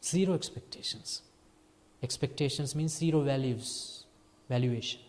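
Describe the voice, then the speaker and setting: A Sri man, a Buddhist monk giving a lively dharma talk to a small group, moving between hushed and emphatic phrasing with playful laughter. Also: medium pitch, moderate pace. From Sri Lanka. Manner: lively teaching, swings between soft and emphatic.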